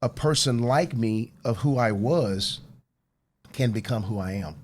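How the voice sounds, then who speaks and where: A man's voice: medium pitch, a little slow, a little mellow, a little hiss or hum. Earnest motivational man with hiccups. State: has the hiccups. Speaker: guest. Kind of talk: casual talk show conversation.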